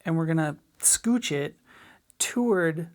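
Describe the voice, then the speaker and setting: A middle-aged woman teaching a drum lesson in a relaxed, chatty way, sometimes scatting rhythms aloud. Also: deep voice, slow pace. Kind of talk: casual spoken lesson.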